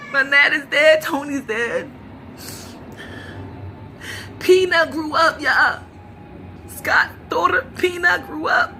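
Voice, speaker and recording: A woman vlogging a casual, emotional film review, tearful and rambling excitedly as a fan while crying. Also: sits high, slight background noise. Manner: tearful, talks through sobs and laughs.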